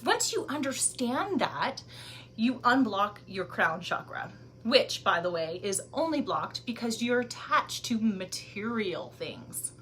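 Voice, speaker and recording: A woman leads a spiritual card reading in a somewhat high voice, emotional and heartfelt, often sinking to a breathy near-whisper. A faint hiss sits behind her. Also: big pitch swings, takes it slowly. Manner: emotional, breathy asides, laughs and near tears; soft, drops to near-whispers. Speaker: spiritual energy reader.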